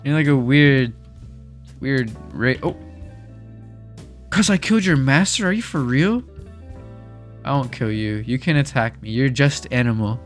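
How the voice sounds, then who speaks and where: A young man chatting casually over gameplay, speaking softly, rambling candidly and laughing often into a desk mic. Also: mid-range voice, unhurried, pauses often, faint music behind. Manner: speaks softly while recording. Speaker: gaming video creator. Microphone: desk microphone.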